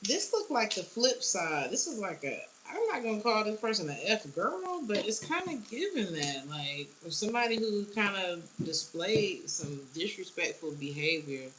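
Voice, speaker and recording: A woman's voice: medium pitch, big pitch swings, normal speed, few pauses, noisy background. Blunt, slangy woman tarot reader. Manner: blunt, slangy, laughs often. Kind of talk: casual tarot reading.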